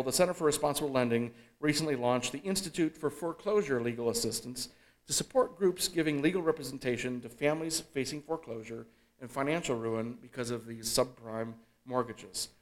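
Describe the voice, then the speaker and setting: A man hosting an event, reading a prepared introduction of the keynote speaker, with a few hesitant fillers. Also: medium pitch.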